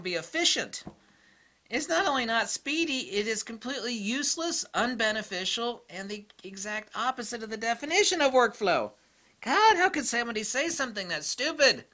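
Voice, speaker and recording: A man's voice: high-pitched, pushed and bright. A man ranting in a sarcastic, exasperated monologue about camera habits, often mocking others. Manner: exasperated, sarcastic, mocks others in put-on voices. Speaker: photography vlogger.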